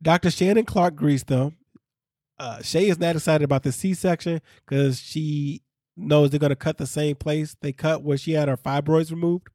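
A man hosting a casual recap podcast, talking in an animated way, laughing and quoting people as he tells the story. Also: a little high, moderate pace, dry recording, studio quality. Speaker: podcast host.

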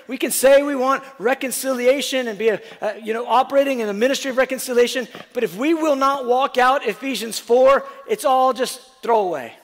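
A man with a very high voice preaches a sermon, swinging between loud, urgent lines and near-whispers. He acts out conversations as he goes. His voice rings with the long reverb of a church hall. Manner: acts out dialogue with the apostle in different voices. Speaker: pastor.

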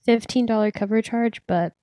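A woman's voice: on the high side, normal speed, mellow, no room sound. Young woman, podcast co-host, chatty, filler-heavy, dry close sound. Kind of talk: casual chat.

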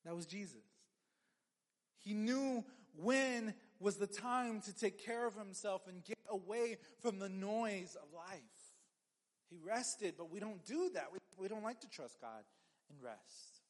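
Male pastor, high voice, casual joking sermon, long hall reverb. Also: animated, a little slow. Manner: conversational, joking asides, frequent restarts.

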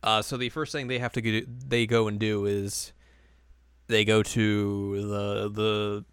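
Male podcast co-host, smooth dry voice, chatty and rambling recap. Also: on the low side, little pitch movement, measured pace, fairly bright tone, dry recording. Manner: rambling, filler-heavy, often acts out lines. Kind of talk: casual chat recapping an anime.

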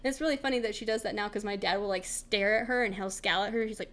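A woman co-hosting a podcast in casual chat, telling animated stories and acting out other people's voices with big jumps in pitch. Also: quick pace, few pauses. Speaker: podcast co-host.

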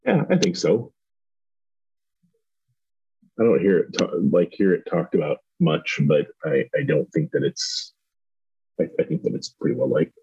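A man's voice: rumbling low, animated, unhurried, pauses often, a little mellow, breathy edge, muffled recording. A man from Southern Indiana co-hosting a podcast, reviewing a show in casual chat and hedging with many restarts. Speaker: podcast co-host.

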